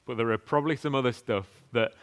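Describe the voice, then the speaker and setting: A man's voice: medium pitch, fast. A man preaching a sermon in an earnest, conversational way, reading scripture and asking the congregation rhetorical questions.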